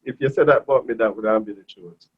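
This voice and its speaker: A man in his forties, a guest in a casual interview, talking in a relaxed, soft-spoken way that often trails off. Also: lowish voice, quick pace, breathy edge. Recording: dull lo-fi audio.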